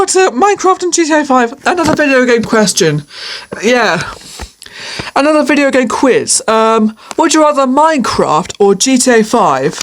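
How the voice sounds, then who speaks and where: Woman, playful casual commentary, lively bouncing pitch, unhurried, hesitant fillers. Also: slight background noise. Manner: playful, hesitant with many fillers, laughs often. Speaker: video creator answering quiz questions.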